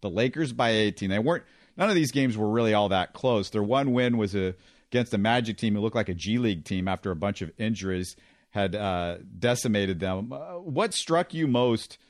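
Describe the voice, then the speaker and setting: A man's voice: lowish voice, lively intonation, normal speed, no echo, clean studio sound. A man hosting a sports podcast, laying out basketball results steadily and putting questions to his co-host. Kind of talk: casual sports discussion.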